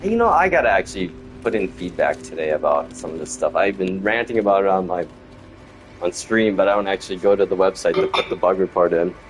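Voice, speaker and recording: Low-voiced man rambling over gameplay. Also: expressive, fairly quick, noisy background. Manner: rambling, chatty, grumbles about the game. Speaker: gaming streamer. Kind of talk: casual gameplay commentary.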